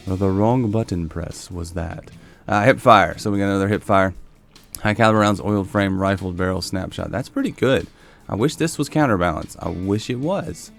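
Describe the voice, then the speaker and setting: A man with a very low, gravelly voice chats casually over gameplay, thinking aloud as he goes. His delivery is relaxed and unhurried. Soft music plays faintly underneath. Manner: relaxed, musing, thinks aloud while browsing weapons. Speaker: gaming video host.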